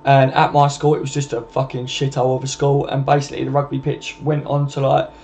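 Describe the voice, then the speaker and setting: Sweary, matey young man, mellow voice. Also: mid-range voice, monotone, a little fast, a little hiss or hum. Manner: sweary, laughing, matey banter. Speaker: live stream host reading viewer comments. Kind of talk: casual live stream chat.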